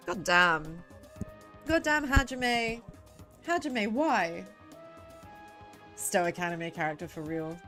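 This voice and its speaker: A woman VTuber giving excitable, playful game commentary from her home gaming corner, swearing freely. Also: mid-range voice, slow pace, soft background music. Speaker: VTuber streamer.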